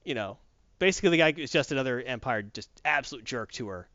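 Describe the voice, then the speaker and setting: A man's voice: mid-range voice, lively intonation, fast talker, bright, forceful tone, no echo. A man in casual chat, retelling a story animatedly and acting out characters. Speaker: podcast co-host. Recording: dull dry sound.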